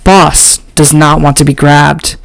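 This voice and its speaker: A woman reads an audiobook in a measured, literary way. She takes it very slowly, letting each phrase land. The recording is close and dry, with no room sound. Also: low-pitched, fairly even intonation, vocal fry, no echo, rough recording. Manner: slow, measured, literary reading. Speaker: audiobook narrator. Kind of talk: scripted narration.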